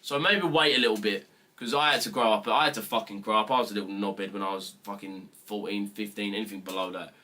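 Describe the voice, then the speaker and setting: Blunt, foul-mouthed British man, bright tone. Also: lowish voice, steady tone, quick pace. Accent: British English. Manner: blunt, profane, mock-serious ranting. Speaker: trading mentor streaming live. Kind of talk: casual livestream chat with viewers.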